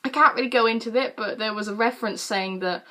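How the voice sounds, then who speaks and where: A British woman in her late teens telling a story to camera in a casual, animated way, with lots of fillers and casual swearing. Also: fairly high pitch, fast talker. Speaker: vlogger.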